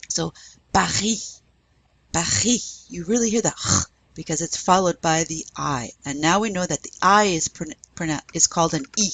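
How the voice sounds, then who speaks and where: A woman's voice: deep voice, creaky, rough recording. A woman French teacher giving a recorded lesson, patiently demonstrating pronunciation with repetition.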